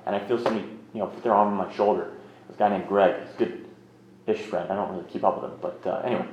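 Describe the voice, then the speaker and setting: Low-voiced guy in his 30s rambling thru his own story, frank and self-mocking, echoey room, kinda muffled. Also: steady tone, quick pace, darkish tone, slight background noise. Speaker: speaker sharing a recovery story. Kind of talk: candid personal storytelling. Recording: roomy, slightly muffled recording.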